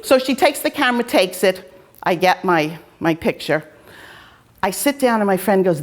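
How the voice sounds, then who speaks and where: A woman's voice: mid-range voice, lively intonation, moderate pace. A woman host, a fencing coach, telling casual anecdotes in a chatty, self-deprecating way.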